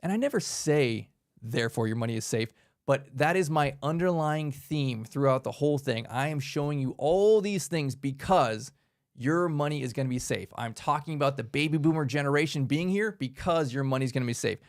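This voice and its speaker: A man giving an energetic, conversational workshop talk, emphatic and upbeat as he presents to a group. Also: fairly high pitch, normal speed. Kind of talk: casual instructional talk.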